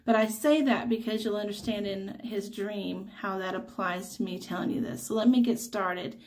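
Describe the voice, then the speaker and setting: Fields: Sex: woman. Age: middle-aged. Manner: earnest, halting. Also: mid-range voice, steady tone. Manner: earnest, halting storytelling with many fillers. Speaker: mother sharing a testimony. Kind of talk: personal religious testimony.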